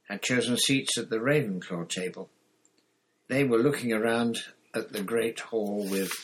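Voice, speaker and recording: A man narrating a storybook chapter in a measured, deliberate reading. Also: on the low side, a bit bright, a little hiss or hum, rough recording. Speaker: audiobook narrator. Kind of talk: scripted narration.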